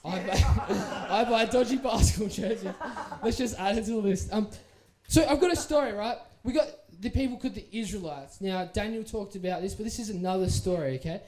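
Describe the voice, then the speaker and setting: Animated young Australian man telling a story. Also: sits high, a little fast, few pauses. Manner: animated, playful, acts out the people in his story. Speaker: youth speaker. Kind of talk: storytelling talk to a youth group.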